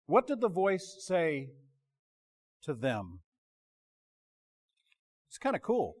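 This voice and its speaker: High-voiced conversational preacher. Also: male voice, huge pitch swings, slow pace. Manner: conversational, self-interrupting, drops to quiet emphasis. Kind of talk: sermon.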